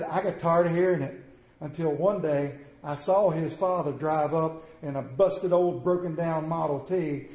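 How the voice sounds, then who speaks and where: Pastor preaching, high voice, mellow tone, echoey church. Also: male voice. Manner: preaching with dramatic storytelling, swinging between soft and loud. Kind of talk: sermon. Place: church sanctuary. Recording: roomy church echo.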